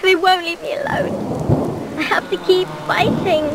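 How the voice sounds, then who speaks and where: A woman's voice: very high voice, steady tone, measured pace, very noisy. A haunted, frightened young woman. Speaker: game character. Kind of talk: scripted game dialogue.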